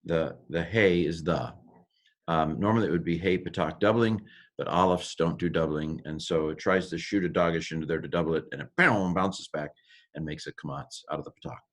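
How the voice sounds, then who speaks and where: A man teaching a lesson over slides, thinking aloud with many fillers and restarts, and slowing down to sound out words. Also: deep voice. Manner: slows to sound out words and phrases. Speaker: Hebrew teacher.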